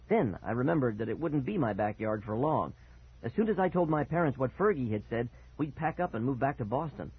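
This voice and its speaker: A man reading a first-person story aloud with expressive, dramatic delivery and a husky voice. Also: medium pitch, brisk. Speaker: audiobook narrator. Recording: tinny phone-like sound.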